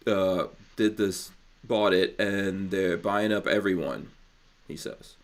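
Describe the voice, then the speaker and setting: A man co-hosting a casual podcast, reading out listener comments and teasing his co-host, his phrases trailing off quietly. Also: deep voice, takes it slowly.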